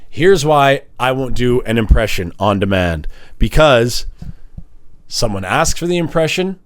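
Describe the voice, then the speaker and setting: Animated man rambling to the mic. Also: a little slow. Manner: animated, swings between high mock voices and low mutters. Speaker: vlogger and musician. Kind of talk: rambling confessional monologue. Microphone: standing at a microphone.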